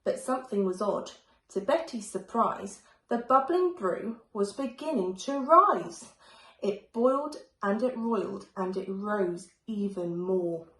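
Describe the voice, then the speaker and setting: A woman teacher reading a rhyming picture book aloud in a slow, expressive way. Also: mid-range voice, roomy sound, low-quality recording. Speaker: primary school teacher.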